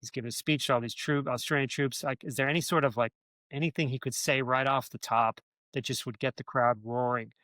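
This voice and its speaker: A man's voice: medium pitch, fairly even intonation, a little fast, a bit bright, dry recording. A man, a former speechwriter, telling stories in an interview, rambling with many restarts and filler words. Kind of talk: conversational interview storytelling.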